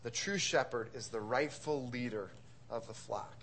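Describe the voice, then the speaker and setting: A man's voice: mid-range voice, normal speed, a bit bright, slight background noise. A man from Wisconsin preaching a sermon as pastor, conversational, asking rhetorical questions and repeating words.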